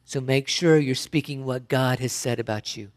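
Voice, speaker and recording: A man's voice: mid-range voice, moderate pace. Middle-aged pastor, man, preaching with emphatic rhetorical questions and frequent restarts. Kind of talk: sermon.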